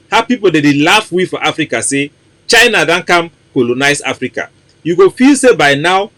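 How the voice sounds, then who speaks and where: A man's voice: on the high side, dry recording. A man with a Cameroonian Pidgin English accent, hosting a mocking, emphatic political commentary monologue. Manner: mocking, emphatic, rising to loud declarations.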